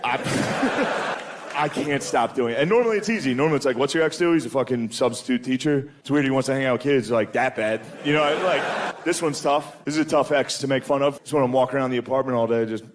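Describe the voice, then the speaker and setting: A man's voice: mid-range voice, fast talker, background noise. A man doing a crude, casual stand-up comedy set, peppering his lines with "dude".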